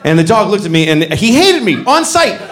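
A man doing a stand-up comedy routine, telling stories animatedly and shouting punchlines. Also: sits high, fairly quick. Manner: animated storytelling, acts out voices, shouts punchlines.

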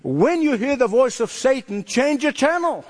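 High-voiced preacher in an echoing hall. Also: male voice, lively intonation, moderate pace. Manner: emphatic, acts out voices in quotes. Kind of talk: sermon. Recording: long hall reverb.

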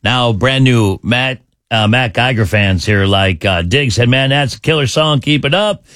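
A man hosting a morning radio show, talking fast and joking as he runs a call-in game. His voice is dry and close in a studio, with no room echo, at an average male pitch. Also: fairly bright tone. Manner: quick, joking, hypes up the caller. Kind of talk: upbeat radio game banter.

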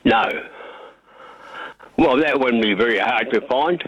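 A man calling in to a talkback radio show, talking in a halting, hesitant way over the phone. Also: medium pitch, fairly bright tone. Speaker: radio caller. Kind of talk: talkback call-in. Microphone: telephone. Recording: dull muffled phone line.

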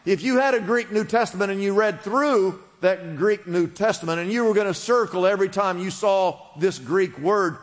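A man preaches in a church sanctuary with a slightly raised pitch. His voice carries a long reverb through the hall. He teaches patiently and gets the congregation to repeat words back to him. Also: moderate pace, hardly any pauses. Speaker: pastor. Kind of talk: sermon.

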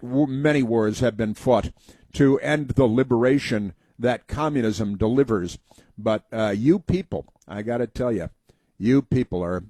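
A man's voice: lowish voice, a little mellow, dry recording. A man hosting a talk show, telling rambling folksy stories and giving opinionated commentary.

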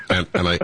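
A man's voice: pushed and bright, a little hiss or hum. A man hosting a radio talk show, effusive and jokey, sometimes talking over his guest. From United States.

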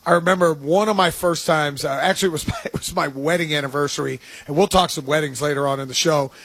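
Man, sports radio host, upbeat chatty, high husky voice, dry close sound. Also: steady tone, fast, a bit bright, dry recording. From United States. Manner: upbeat, chatty, laughs easily.

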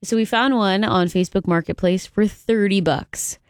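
A woman hosting a morning radio show, telling a story in an exasperated, animated way. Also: mid-range voice, normal speed, no echo, studio quality.

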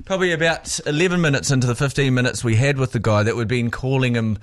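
A male radio co-host who jokes wryly and hams things up in casual on-air banter. His mid-pitched voice comes across dry and close, with no room sound. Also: fast talker, no echo. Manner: wry, joking, exaggerates.

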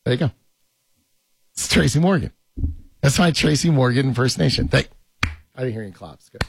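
A man's voice: mid-range voice, lively intonation, brisk, creaky, breathy edge, no room sound. A man hosting a podcast in a jokey, rambling casual chat, laughing often. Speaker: podcast host.

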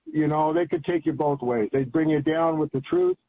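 Older guy calling in, husky voice, tinny phone line, talks kinda high, goes on and on. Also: moderate pace. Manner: rambling, folksy, heated. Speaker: caller. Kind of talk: call-in radio chat.

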